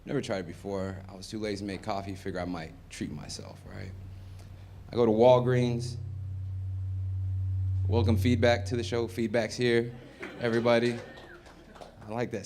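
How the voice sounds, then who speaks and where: Dude doing stand-up, chatty storytelling, mumbles then gets loud for the punchlines, stage mic. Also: male voice, fairly low pitch, fairly even intonation, normal speed, pauses often, slight background noise. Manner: conversational, swings from mumbled asides to loud punchlines. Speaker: stand-up comedian. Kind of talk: stand-up comedy set. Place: comedy venue with live audience.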